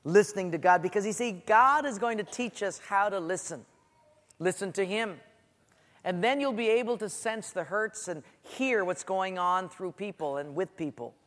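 High-voiced middle-aged preacher. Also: male voice, moderate pace. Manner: storytelling, animated, acts out quotes. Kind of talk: sermon. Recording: echoey hall.

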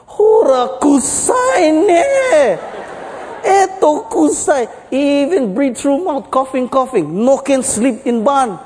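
A fussy, excitable man from a joke speaks in clipped broken pidgin, his voice pushed high, as a man puts him on. The sound carries a long echo, as in a hall. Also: slow pace, a crowd in the background, background noise, exaggerated voice. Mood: disgusted.

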